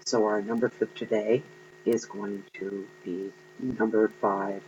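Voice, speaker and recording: A man giving an earnest, encouraging tarot reading to viewers, pausing often with ums. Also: lowish voice, flat delivery, a little mellow, muffled recording, a little hiss or hum. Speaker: tarot card reader.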